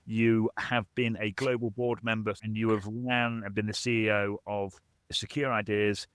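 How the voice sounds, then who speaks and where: A man's voice: on the low side, flat delivery, normal speed, fairly bright tone, clear, resonant tone, no room sound, clean studio sound. A man hosting an interview podcast, chatty and friendly, often calling his guest "my friend". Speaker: podcast host, recruiter.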